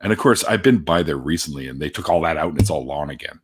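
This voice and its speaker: A man's voice: a bass voice, animated, fast talker, a little hiss or hum. A middle-aged Canadian man hosting a casual chat, swearing often and laughing while he tells stories. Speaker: podcast host.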